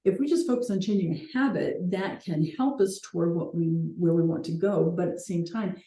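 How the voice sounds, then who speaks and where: A woman's voice: on the low side, brisk, dark tone, echoey room. A woman hosting a coaching call, talking earnestly and reflectively with light laughs now and then.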